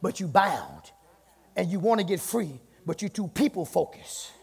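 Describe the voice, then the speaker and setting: High, gravelly preacher man. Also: sing-song, moderate pace. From United States. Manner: preaching, repeating phrases, rising to shouts. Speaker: pastor. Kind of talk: sermon. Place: church sanctuary. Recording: church sermon with hall reverb.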